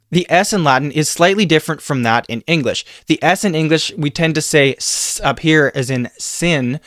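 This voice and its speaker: A man giving a scripted Latin pronunciation lesson, saying example sounds slowly and carefully. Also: fairly high pitch, a bit bright, no room sound, clean studio sound. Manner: slow, careful demonstration of sounds. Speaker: Latin teacher.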